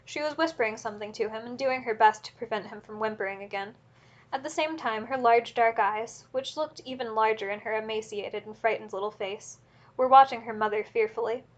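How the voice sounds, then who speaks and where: A woman narrating a classic novel as an audiobook in a steady, measured reading. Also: a little high, dull audio.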